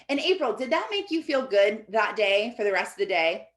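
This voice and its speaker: A woman's voice: mid-range voice, moderate pace, few pauses. Chatty woman coach in an echoey room. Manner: chatty, fills with "like". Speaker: Christian life coach. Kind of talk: casual coaching talk to her team. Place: office.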